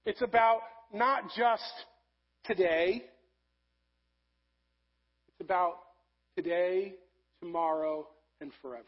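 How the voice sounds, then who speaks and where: A man preaching a sermon, rising to loud emphasis and dropping to soft, low passages. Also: slow, long pauses, highs cut off. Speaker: pastor.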